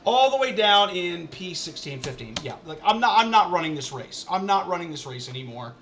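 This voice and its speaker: This streamer's high, very animated voice moves briskly and sounds a bit bright as he complains to his chat about the racing management game, repeating the same points. There's slight background noise.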